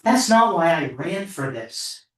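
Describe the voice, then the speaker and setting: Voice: medium pitch, sing-song, takes it slowly, fairly bright tone. Emotional board member in an echoing hall. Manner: earnest, heartfelt, personal. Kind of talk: speaking at a public meeting. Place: town meeting room. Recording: echoey hall, far from the mic.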